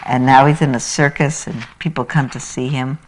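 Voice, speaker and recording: A woman meditation teacher giving a dharma talk, reading a children's story aloud in an unhurried, expressive way. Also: a bass voice, heavy background noise.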